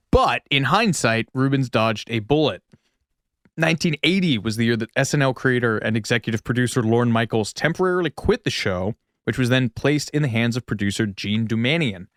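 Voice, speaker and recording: A man's voice: mid-range voice, dry recording. A man co-hosting a podcast, reading film history in a dry, wry way. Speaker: podcast co-host. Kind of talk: scripted podcast narration.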